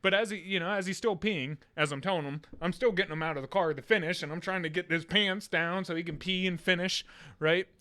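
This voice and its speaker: With a high-pitched, brisk delivery, a young man on a podcast tells a funny story in casual conversation. He laughs and performs the voices, mimicking a kid's screams.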